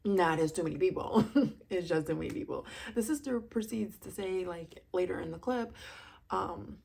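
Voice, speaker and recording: A woman chatting casually as she reviews a reality show, sassy and gossipy with animated asides. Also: fairly low pitch, normal speed, creaky, a little hiss or hum.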